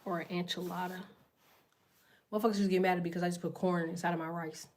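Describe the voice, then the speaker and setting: A woman's voice: lowish voice, little pitch movement, rapid-fire, a little mellow. A woman hosting a casual livestream from her bed, talking to viewers in a rambling, profane, slangy way. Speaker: tarot livestream host. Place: in bed at home.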